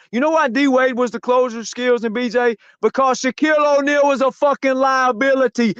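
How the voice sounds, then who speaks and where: Male podcast host, high voice, loud and profane mocking rant, dry lo-fi mic. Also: no echo. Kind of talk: heated podcast sports talk.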